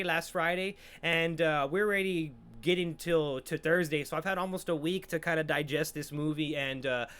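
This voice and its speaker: A man's voice: sits high, sharp tone, clear, resonant tone. Profane, rambling podcast host man. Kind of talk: casual trailer reaction and movie review.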